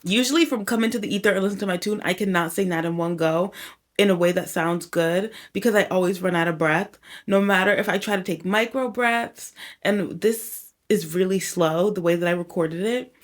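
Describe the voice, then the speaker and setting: A woman's voice: lowish voice, a little fast. A chatty woman in a home recording setup talks the camera through her process. She rambles freely and peppers her talk with "y'all" and "like." Now and then she sounds a little winded from singing. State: a little out of breath at times. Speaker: songwriter and home producer. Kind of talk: casual vlog talk to camera.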